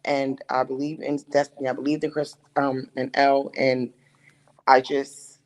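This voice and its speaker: A woman who is a music manager, a guest on a talk show, telling her story in a lively way. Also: a bass voice, normal speed, rough recording. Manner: animated storytelling, quoting others.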